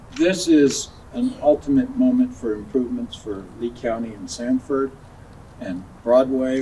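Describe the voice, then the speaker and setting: A man's voice: medium pitch, darkish tone, slight background noise. A man chairing the county commission gives a folksy, conversational ceremony speech outdoors, sometimes correcting himself. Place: outdoors at a groundbreaking. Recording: distant outdoor recording, faint ambience.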